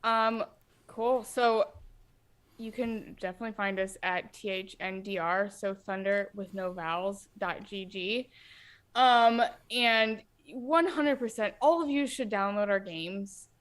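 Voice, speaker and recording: A woman's voice: mid-range voice, unhurried, clean tone. A young woman guest in casual chat, ranting bluntly with lots of fillers.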